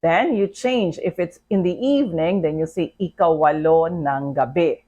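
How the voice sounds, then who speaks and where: A woman's voice: on the low side, normal speed, mellow, highs cut off. A woman with a Filipino accent teaching a language lesson, explaining patiently and often checking in with "okay?". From Philippines.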